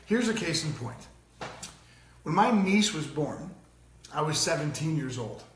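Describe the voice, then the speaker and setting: A man's voice: fairly high pitch, big pitch swings, a little slow, echoey room, a little hiss or hum. A middle-aged man co-hosting a casual parenting talk, telling stories animatedly and mimicking voices. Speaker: co-host.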